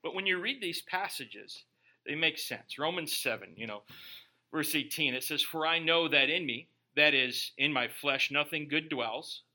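A male pastor gives a sermon in a bright, piercing, high-set voice. He reads scripture to his congregation and then drops into joking, conversational asides. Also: animated, moderate pace, rough recording. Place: church before a live congregation.

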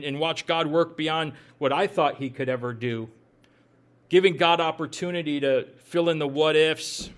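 A middle-aged man, preaching in a loose, conversational way. His voice sits a bit high for a man. He asks the listeners questions and drops joking asides as he talks. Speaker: pastor. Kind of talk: conversational sermon.

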